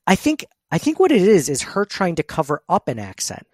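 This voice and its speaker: Man, podcast host, fairly high voice, dry close sound, rambling, lots of fillers and laughs. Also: wildly swooping pitch, fairly quick, a little mellow, no echo. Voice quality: says he has an annoying voice. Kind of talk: casual sports podcast chat.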